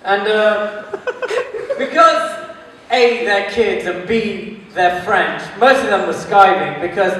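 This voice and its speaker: A man's voice: high-pitched, sing-song, slow pace, a bit bright, a little hiss or hum. A young man doing a crude, bawdy stand-up routine and chuckling at his own jokes, recorded live before an audience. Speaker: stand-up comedian. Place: comedy venue with audience. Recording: distant echoey hall with audience. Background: audience laughter.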